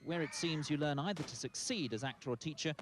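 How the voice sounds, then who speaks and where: Male reporter voice-over, dry humour, steady scripted read. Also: fairly high pitch, quick pace, slight background noise. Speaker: reporter narrating. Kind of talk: scripted narration.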